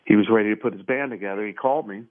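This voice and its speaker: A man's voice: lowish voice, racing. Man in his 60s on a tinny phone line. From Brooklyn, New York. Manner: relaxed, rambling anecdotes with frequent fillers. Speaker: interview guest, drummer. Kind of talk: casual storytelling interview.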